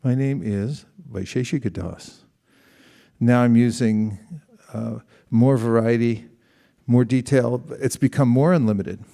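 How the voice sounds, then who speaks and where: A man's voice: medium pitch, measured pace, vocal fry, mellow. A middle-aged man giving a conversational sermon, asking the audience questions and acting out quoted exchanges. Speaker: spiritual teacher.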